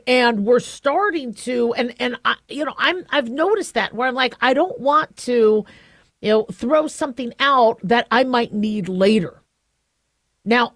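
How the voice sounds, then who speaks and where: A middle-aged woman hosting a talk radio show, chatting in a loose, self-deprecating way and often restarting her sentences. Her voice sits a little high and is recorded close and dry in a studio. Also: no room sound. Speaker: radio show host and physician. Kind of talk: casual talk radio monologue.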